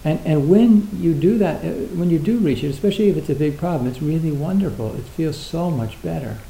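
Hesitant man musing, very mellow voice. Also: a little high, animated, brisk, vocal fry, reverberant, slight background noise, low-quality recording. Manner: hesitant, many fillers and restarts, acts out little dialogues. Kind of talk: reflective casual talk.

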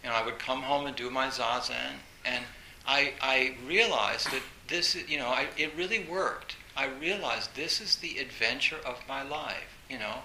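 A man giving a storytelling dharma talk as a meditation teacher, animated, with frequent laughter and many fillers. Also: medium pitch, normal speed. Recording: roomy echo with faint hiss.

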